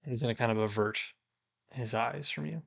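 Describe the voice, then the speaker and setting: Gravelly-voiced man running a tabletop game. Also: mid-range voice. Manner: unhurried, hesitant narration with frequent fillers. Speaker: game master. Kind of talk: narrating a tabletop game stream.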